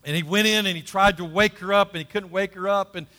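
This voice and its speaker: A man's voice: high voice, fast talker, hardly any pauses, sharp tone, big-room sound. A man preaching a sermon as pastor, emphatic and repeating key phrases, calling for responses from the congregation.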